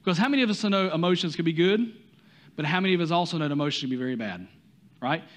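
A man's voice: fairly high pitch, lively intonation, very fast. A man with a Southern US accent preaching a sermon, talking to the congregation with many rhetorical questions and some stumbles. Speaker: pastor.

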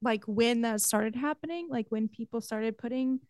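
A young woman with a slightly high voice talks in an effusive, easily moved way. The recording is dry and close. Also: moderate pace, a little mellow, no room sound. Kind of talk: casual chat.

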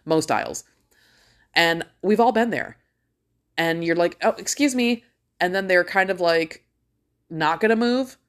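Deep-voiced middle-aged lady venting to her followers, cusses nonstop, tells it like a story. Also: a little slow, pauses often, clear, resonant tone. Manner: blunt, swears a lot, animated storytelling. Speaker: vlogger. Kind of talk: casual rant to viewers.

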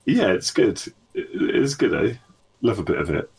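A man's voice: lowish voice, big pitch swings, moderate pace, creaky, a little mellow, husky. A man with an English accent co-hosting a casual gaming podcast, teasing with sarcastic, sweary banter. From England. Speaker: podcast co-host.

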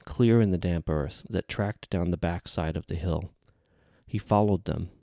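A man narrating an audiobook in a steady, even reading. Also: low voice, no room sound, studio quality.

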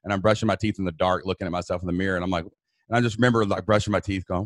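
A man telling an emotional personal story in a casual, animated way, often saying "dude" and "man". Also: on the low side, very fast, dry recording, studio quality. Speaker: guest.

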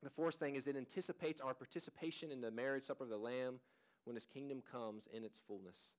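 A man's voice: mid-range voice, fairly even intonation, fast. A man in his thirties preaching a sermon as a pastor, in an earnest, conversational way, often restarting his sentences.

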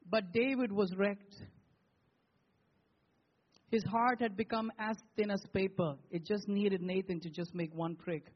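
A man preaching a sermon as pastor, posing rhetorical questions with emphatic pauses. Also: high voice, steady tone, lo-fi sound.

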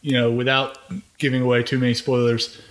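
Man, podcast co-host, even-handed and a little hesitant, mid pitch. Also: a little fast. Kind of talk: casual chat reviewing a TV series.

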